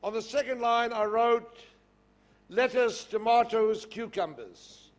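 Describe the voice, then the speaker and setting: An older man with a South African accent, giving a public lecture and telling anecdotes with lively storytelling. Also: very high-pitched, takes it slowly. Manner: storytelling, animated in jokes. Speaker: guest speaker. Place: lecture hall podium.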